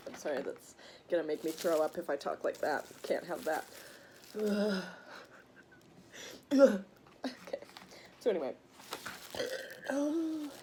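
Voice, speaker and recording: Slow-talking crude country-accented woman. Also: medium pitch, expressive, fairly bright tone, slight background noise. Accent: American country. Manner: crude, joking, laughs a lot. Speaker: mukbang vlogger. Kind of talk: casual eating vlog.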